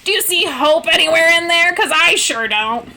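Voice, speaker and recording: A woman's voice: very high-pitched, expressive, normal speed, sharp tone, a little hiss or hum, full character voice. A woman voicing a gleeful, sadistic male bear mascot with a mocking, sing-song manner, read aloud over a video game. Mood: gleeful taunting.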